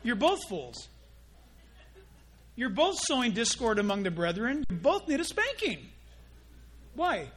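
A male pastor preaching a sermon in an animated way, acting out gossips and people praying in quick quoted voices. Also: very high-pitched, husky.

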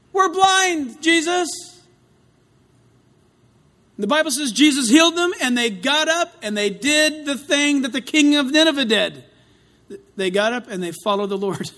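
A man preaching a sermon, swinging between loud outcries and hushed asides, with a dramatic delivery. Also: sits high.

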